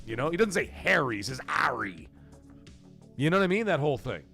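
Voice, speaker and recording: A man's voice: fairly high pitch, very animated, rapid-fire, gravelly, a bit bright, faint music behind. A man hosting a livestream, chatting casually and profanely in a rambling way while reading chat messages. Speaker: livestream host.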